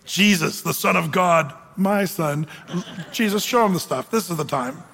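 High-voiced preacher in a reverberant hall. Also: male voice, moderate pace, gravelly, husky. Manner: conversational, animated preaching with humor. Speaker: pastor. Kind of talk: sermon.

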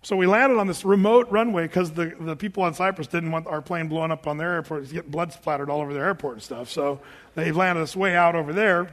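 A slightly high, fairly bright male voice, a touch fast, belongs to a preacher sharing a personal story in a storytelling sermon. He chats along, self-amused and frequently laughing, as the big hall's long reverb trails after him.

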